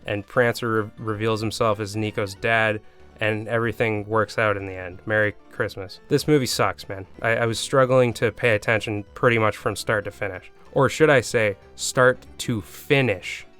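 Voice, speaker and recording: A Canadian man with a Canadian accent narrating a comedic movie review, with sarcastic deadpan asides. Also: fairly low pitch, normal speed, clean tone, soft background music. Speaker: video reviewer host.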